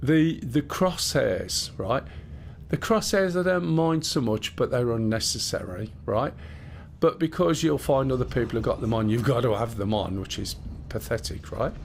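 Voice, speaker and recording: This man's voice is mid-range and gravelly, moving at a moderate pace with slight background noise. He's streaming gameplay live, casually talking and explaining as he goes, with some rambling and a bit of swearing.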